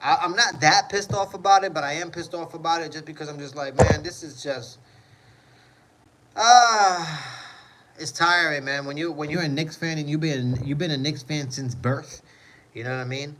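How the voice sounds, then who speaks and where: A man's voice: on the high side, normal speed, fairly bright tone, a little hiss or hum, low-quality recording. A man hosting a casual livestream, reading chat comments and answering in a rambling way, often repeating "you know what I mean".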